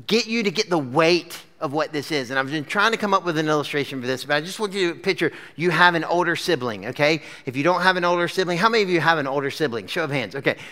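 Speaking quickly with few pauses, a pastor with a fairly high, bright, forceful voice preaches a casual sermon to a live crowd. He tells the story chattily, leaning on "like" and "okay?", in a church gathering with a screen.

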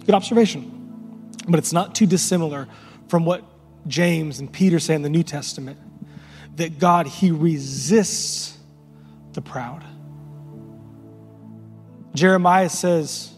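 A pastor preaches an impassioned sermon, repeating words and building to rising crescendos. His voice is on the high side and darkish, a little slow with long pauses, heard in a large hall with long reverb and faint music.

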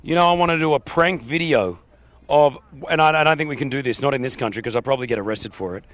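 A man's voice: medium pitch, fast, fairly bright tone, no echo. A man hosting a breakfast radio show, telling brash stories and teasing his co-hosts. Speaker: radio host. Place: outdoor broadcast at a museum.

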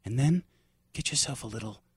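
A man's voice: mid-range voice, expressive, brisk, husky, no echo. A man chatting as a guest, effusive and playful, theatrical in his delivery. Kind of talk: casual chat.

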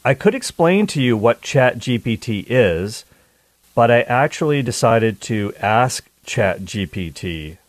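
A man's voice: mid-range voice, very animated, a little slow, dry recording. A man hosting a call-in radio talk show, chatty and joking with his listeners. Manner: chatty, jokey, upbeat.

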